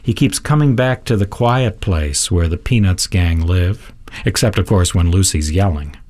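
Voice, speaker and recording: A man giving scripted, measured commentary as a critic narrator. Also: deep voice, darkish tone.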